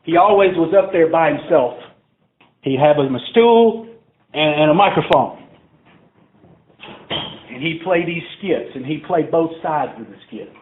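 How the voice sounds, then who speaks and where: A man's voice: fairly high pitch, lively intonation, a little slow, long pauses. A man speaking at a recovery meeting, telling a story to a crowd in a profane, digressive, conversational way. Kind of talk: live storytelling talk to a crowd. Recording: tinny phone-like recording, faint hiss.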